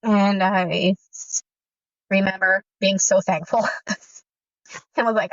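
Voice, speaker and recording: A woman telling her own story as personal testimony. She speaks in a halting, earnest way, full of fillers and restarts. The recording is dull and muffled, with a dry, close sound. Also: medium pitch, steady tone, no echo. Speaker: guest survivor recounting abuse.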